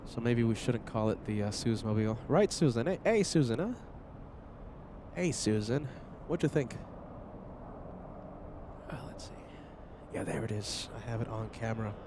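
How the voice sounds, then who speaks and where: Chatty lively man hosting a live stream. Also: mid-range voice, moderate pace, long pauses, background noise. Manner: chatty, greets viewers by name. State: sick. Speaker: livestream host. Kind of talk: casual live plane-spotting commentary.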